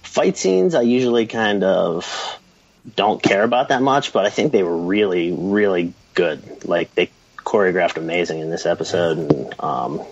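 A low-pitched man talking casually on a podcast, his voice a bit dull and lo-fi. He stumbles and restarts as he goes and chuckles at his own jokes. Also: lively intonation, moderate pace, vocal fry, breathy edge. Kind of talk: casual chat.

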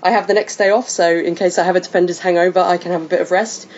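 A woman's voice: lowish voice, fairly even intonation, fast, darkish tone, lo-fi sound. A British woman hosting a podcast in casual chat, rambling with many fillers. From Britain. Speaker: podcast host.

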